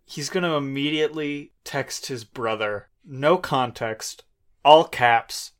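A player in a tabletop role-playing game, speaking casually in laid-back, low-key replies. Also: takes it slowly, a little hiss or hum. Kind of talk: casual role-play chat.

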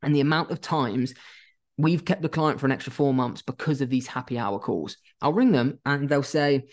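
A man's voice: medium pitch, normal speed. A young man gives casual business advice as an agency owner, talking bluntly and swearing freely. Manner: blunt and animated, acts out phone calls, swears casually.

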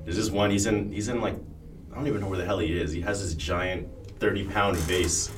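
Young man with a very deep voice, blunt and skeptical, distant mic with noise behind. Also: steady tone, a little fast. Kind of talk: casual chat.

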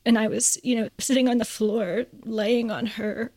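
A woman co-hosting a podcast, speaking earnestly and tearfully, pausing often as she shares a heartfelt story. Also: on the high side, fairly even intonation, a little mellow. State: crying. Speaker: podcast co-host.

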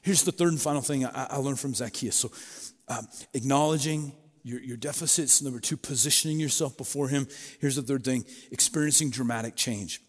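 A man's voice: mid-range voice, fairly quick. Man preaching casually in a reverberant hall. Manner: conversational, storytelling with animated quoted voices. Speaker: pastor. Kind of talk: sermon.

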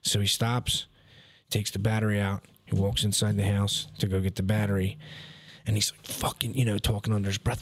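Profane, animated man telling stories. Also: lowish voice, a little fast. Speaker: podcast co-host. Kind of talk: casual storytelling chat.

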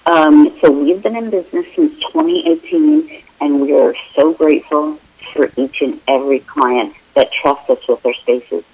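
A woman's voice: low voice, expressive, moderate pace, gravelly, mellow, slightly rough, poor audio. A middle-aged woman interior designer, a guest in a remote interview, explaining her work in a friendly, informal way with many fillers.

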